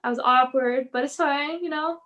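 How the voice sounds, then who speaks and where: A woman pro wrestler in a casual interview, telling stories in an animated way, acting out quotes and laughing often. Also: high voice, moderate pace.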